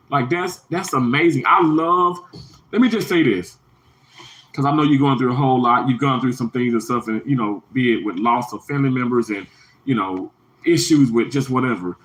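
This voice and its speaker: A man's voice: fairly bright tone, low-quality recording. A man hosting an emotional livestream, talking in a heartfelt, rambling way to his viewers. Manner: heartfelt, rambling, repeats himself, pitch jumps high when emphatic. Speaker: livestream host.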